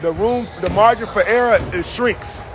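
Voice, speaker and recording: A man coaching a youth basketball team from the sideline, calling out loud encouragement and repeating himself. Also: sits high, normal speed, background noise. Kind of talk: courtside coaching shouts.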